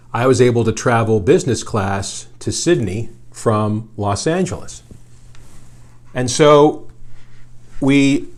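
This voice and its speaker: Brief: middle-aged male yarn-spinner, very slow and easygoing, drifting into asides. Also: medium pitch, a little mellow. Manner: unhurried, meandering, full of asides. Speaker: radio journalist telling a story. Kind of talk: casual storytelling.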